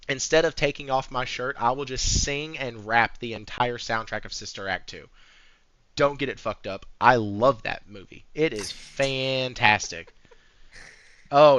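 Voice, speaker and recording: A man hosting a podcast in casual chat, animated and joking, swearing freely. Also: mid-range voice, no room sound. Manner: animated, swears, jokes and sings bits. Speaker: podcast host. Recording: dull lo-fi sound.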